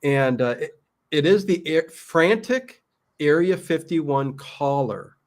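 A male host in casual conversation, spinning a story with enthusiasm. His voice sits somewhat high for a man. He talks loosely, with fillers and quick self-corrections. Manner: animated storyteller, many fillers and restarts. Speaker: podcast host. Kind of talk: casual chat.

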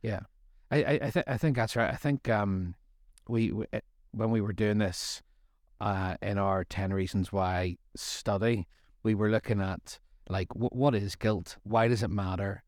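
A man's voice: lowish voice, steady tone, unhurried, darkish tone, no room sound, studio quality. A middle-aged man co-hosting a faith study series, talking in a rambling, jokey way with self-deprecating asides. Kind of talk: casual faith discussion.

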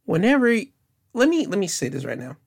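A man hosting a solo podcast, speaking in an unhurried way with restarts and emphatic repeats. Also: sits high, huge pitch swings, creaky, husky. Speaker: host.

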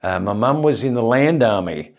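Brief: older man in his 70s, Aussie accent, rambling jokey storyteller, mid-pitched. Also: animated, normal speed. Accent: Australian. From England, raised in Australia. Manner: rambling, jokey, laughs often, drops into mimicked accents. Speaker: guest comedian. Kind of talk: casual interview chat.

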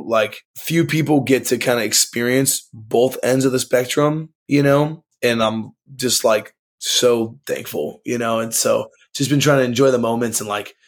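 A young man from California, a band singer guesting on a podcast, talking in a laid-back slangy way full of "dude" and "like". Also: mid-range voice. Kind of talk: casual podcast conversation.

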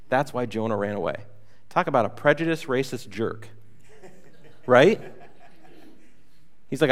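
A pastor delivers a sermon in a relaxed, conversational style, his medium-pitched voice measured and broken by long pauses. He acts out paraphrased voices of the prophet in rhetorical asides and puts questions to the congregation.

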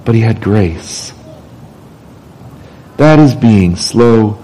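A man's voice: fairly low pitch, lively intonation, extremely slow, dark tone, poor audio. A man preaching a sermon in a casual, conversational way. He often restarts and repeats words as he talks. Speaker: pastor.

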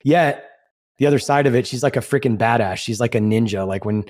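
A man's voice: medium pitch, brisk, darkish tone. A man co-hosting a podcast, talking in a loose, rambling way with casual swearing. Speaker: podcast co-host.

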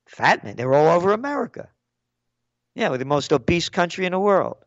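A man's voice: fairly high pitch, sing-song, brisk, no echo. An older man giving an angry, sarcastic political rant as a commentator, punchy and blunt, in a dull, dry recording.

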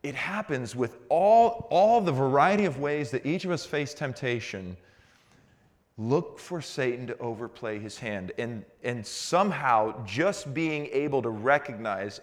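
A middle-aged man, a pastor, preaching a conversational sermon that swings between quiet reflection and animated storytelling. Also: mid-range voice, a little slow. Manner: conversational preaching, builds to animated frustration in anecdotes.

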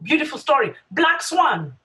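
A woman with a high, bright-sounding voice that leaps all over the place as she talks. She chats casually and emphatically, acting out her own reactions. She sits a little back from the microphone. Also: normal speed, far from the mic, low-quality recording. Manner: animated, emphatic, acts out reactions. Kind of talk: casual chat.

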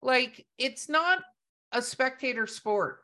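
A woman's voice: sits high, expressive, slow pace, bright, forceful tone. A woman co-hosting a podcast in casual chat, talking in a chatty way full of "like". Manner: chatty, lots of "like". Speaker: podcast co-host.

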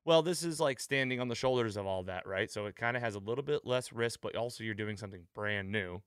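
A man's voice: fairly low pitch, fast talker, smooth, dry recording, studio quality. A man hosting a podcast, talking casually and rambling a bit, with frequent fillers and restarts. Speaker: podcast host.

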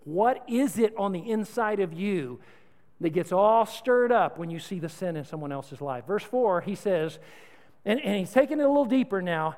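A male pastor preaching in a lively, high voice that climbs and dips dramatically, mixing jokes with earnest exhortation. His words ring out with long reverb in a church hall. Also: moderate pace. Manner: animated, conversational, humorous, exhorting. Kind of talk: sermon.

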